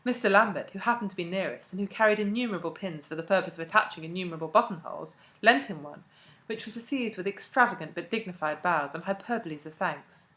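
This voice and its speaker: A woman's voice: fairly low pitch, fast, bright, forceful tone. Woman narrating a classic novel. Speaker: audiobook reader. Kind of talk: literary audiobook narration.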